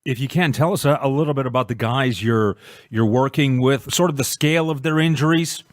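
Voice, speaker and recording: A man in his forties hosting a comedy podcast, telling self-deprecating jokes in a relaxed, chatty way. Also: medium pitch, brisk, dry recording, studio quality. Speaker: podcast host. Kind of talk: casual comedic interview chat.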